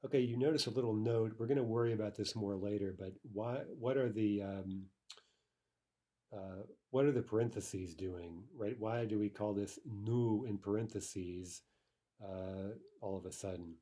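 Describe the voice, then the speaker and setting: Mellow-voiced man teaching a grammar lesson. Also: fairly low pitch. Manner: explanatory, frequent "right?" and "okay"; slows to spell out Russian word forms. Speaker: language teacher.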